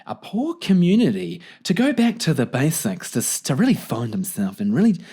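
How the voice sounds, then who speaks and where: A man's voice: a little high, huge pitch swings, moderate pace, warm tone, breathy edge, exaggerated voice. A man with a New Zealand accent voicing a pompous rich young man who is out to find himself.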